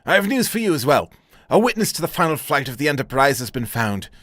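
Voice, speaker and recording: A man voicing a courteous, composed nobleman in a video game, speaking in a measured, formal way. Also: fairly high pitch, very animated, fairly bright tone, no room sound, studio quality, pitched above the performer's own voice.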